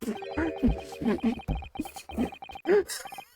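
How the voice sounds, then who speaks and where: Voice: high-pitched, wildly swooping pitch, extremely slow, creaky, over loud music. A streamer giving live playthrough commentary, swearing often and laughing through the talk.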